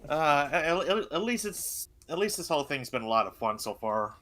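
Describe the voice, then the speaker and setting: A man's voice: a little high, big pitch swings, brisk, bright, forceful tone. A man chatting casually on a streamed group call, a bit flustered, stammering and restarting his sentences.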